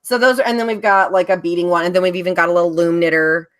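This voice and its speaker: A woman with a somewhat low voice chats as a guest on a live stream. Her talk is loose and rambling, full of fillers. She sounds casual and unscripted. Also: fairly even intonation, rapid-fire, a bit bright. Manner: chatty, rambling, many fillers. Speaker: guest, bag designer. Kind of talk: casual chat.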